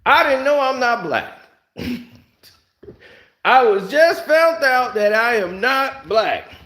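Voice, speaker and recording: A man with a high, lively voice rants about a TV series at an unhurried pace, laughing often and slipping into other people's voices. His voice rings out in an echoey room. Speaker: TV review vlogger. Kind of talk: casual comedic review rant.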